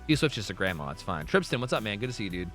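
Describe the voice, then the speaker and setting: A man streaming live, chatting casually with viewers and commentating a match in an excitable, profane manner. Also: lowish voice, rapid-fire, faint music behind.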